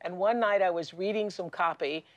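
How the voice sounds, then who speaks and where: A middle-aged woman hosting a studio talk show, telling stories in a lively way with frequent restarts. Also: lowish voice, normal speed, no echo, dull audio. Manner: lively and storytelling, with many restarts and laughs. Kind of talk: studio conversation with a guest. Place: television studio.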